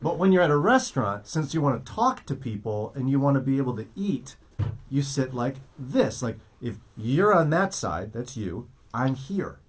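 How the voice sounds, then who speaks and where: Husky-voiced man hosting a morning show. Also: medium pitch, sing-song, moderate pace. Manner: teasing, storytelling. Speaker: host. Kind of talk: casual morning show banter.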